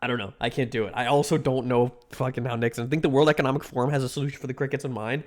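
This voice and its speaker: A young man live-streams in a loose, rambling chat with his audience. He gets excitable, jokes around and swears freely, his voice sitting in a middling pitch for a man. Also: racing, hardly any pauses.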